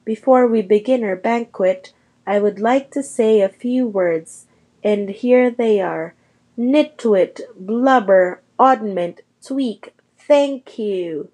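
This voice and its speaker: A woman voicing a whimsical old male headmaster, speaking slowly and deliberately in a storybook reading. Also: medium pitch, mellow, rough recording.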